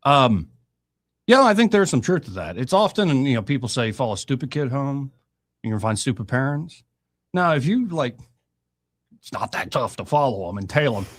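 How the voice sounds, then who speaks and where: A man's voice: medium pitch, sing-song, moderate pace, no echo. Brief: man, 30s, talk radio host, blunt and jokey, dead-dry booth. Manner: wisecracking, blunt, lots of fillers. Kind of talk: casual political talk show.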